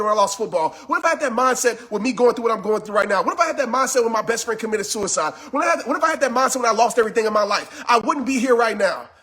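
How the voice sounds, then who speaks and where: A man giving a fired-up motivational talk on a live stream, yelling with intense, repetitive, preachy urgency, just after a workout. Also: very high voice. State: just finished working out. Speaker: motivational speaker.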